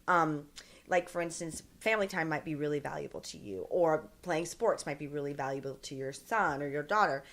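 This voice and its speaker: A middle-aged woman being interviewed who talks in an earnest, reflective way, passing on parenting lessons. Her voice sits somewhat low. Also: brisk, fairly bright tone. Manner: reflective, earnest advice-giver. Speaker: guest, author and filmmaker. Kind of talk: casual interview talk.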